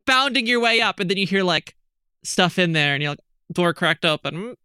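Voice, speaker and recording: A game master narrates a tabletop game, circling back with filler words and repeated phrases. The voice sits at a medium pitch, and the sound is dry and close to the mic. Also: expressive, brisk, pushed and bright, clear, resonant tone, no room sound.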